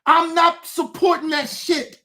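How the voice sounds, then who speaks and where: A woman hosting a livestream, ranting angrily in a profane voice that often breaks into shouting. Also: very high voice, fairly even intonation, unhurried. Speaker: streamer, show host. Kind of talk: livestream rant.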